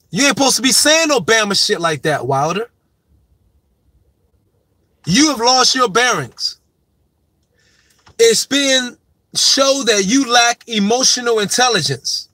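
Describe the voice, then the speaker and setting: A man's voice: very high voice, expressive, takes it slowly, long pauses, pushed and bright, no echo. A man giving a profane, emphatic sports opinion monologue, lecturing his subject and hammering his point home by repeating it. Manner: repeats his main point with heavy stress. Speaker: sports commentator.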